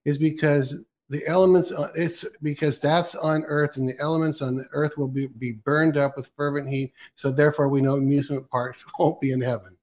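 A man in his sixties co-hosts a casual faith talk show. His voice sits a little high for a man. He muses his way through questions and often restarts or trails off mid-sentence. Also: little pitch movement, brisk, few pauses, darkish tone. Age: 60s. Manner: musing, with many restarts and fillers. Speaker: co-host.

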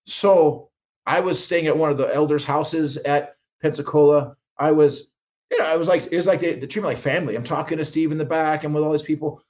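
A guest minister tells animated stories in an interview at a fairly quick clip, slipping into the voices of people he quotes and restarting sentences along the way. His voice is a little mellow and a touch high for a man, and the recording sounds dull and muffled.

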